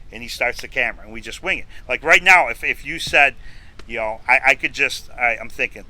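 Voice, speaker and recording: A man's voice: mid-range voice, very animated, a little fast, sharp tone, no room sound, poor audio. A middle-aged man from upstate New York telling a long story on a podcast, acting out both sides of each conversation. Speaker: podcast guest, food show host. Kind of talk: casual storytelling interview.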